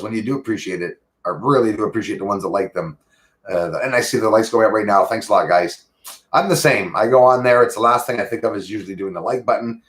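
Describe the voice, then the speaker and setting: A man hosting a casual livestream, talking to viewers in a halting, earnest way with many fillers and restarts. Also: fairly low pitch. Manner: earnest, thankful tone. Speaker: livestream host.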